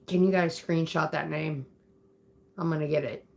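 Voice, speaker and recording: Pissed off woman livestreaming, cussing out chat, kinda low voice. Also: steady tone, moderate pace, vocal fry. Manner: agitated, swearing, threatening viewers. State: upset. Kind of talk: angry livestream rant.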